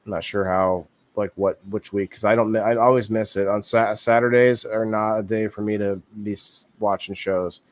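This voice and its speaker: A man's voice: fairly low pitch, fairly even intonation, normal speed, few pauses, dry recording. A man in his thirties hosting a live-stream talk show in casual chat, rambling and thinking aloud with easy laughs.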